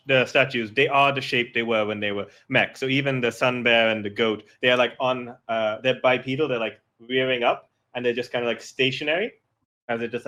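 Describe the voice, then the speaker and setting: A man's voice: mid-range voice, pushed and bright. A man running a tabletop game as game master, describing scenes in a loose, rambling way. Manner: rambling, full of fillers and restarts.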